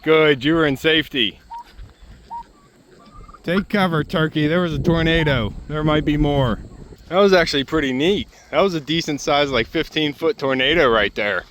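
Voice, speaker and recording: Bright-voiced man coaxing farm birds outdoors. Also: a little high, normal speed, a little hiss or hum. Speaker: homesteader vlogger. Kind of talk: casual vlog narration. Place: outdoors on a farm yard and pasture.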